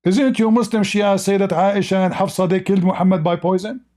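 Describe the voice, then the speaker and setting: A man's voice: high voice, steady tone, brisk, a little mellow. Sarcastic man arguing in a debate. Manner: argumentative, sarcastic, mocking questions; non-native English grammar. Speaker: debate host. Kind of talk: heated live-stream religious debate.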